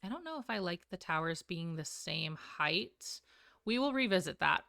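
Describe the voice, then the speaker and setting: A woman's voice: lowish voice, expressive, normal speed, creaky, sharp tone, no echo, clean studio sound. A woman streamer chatting casually and a bit scatterbrained while building in a game, with a sing-songy way of talking. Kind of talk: casual live-stream chat while gaming.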